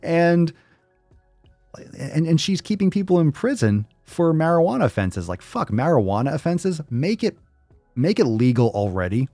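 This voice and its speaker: A man's voice: on the high side, very animated, moderate pace, mellow, no room sound, soft background music. A man hosting his own show, ranting in casual commentary, emphatic and profane, repeating words to drive his point. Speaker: podcast host.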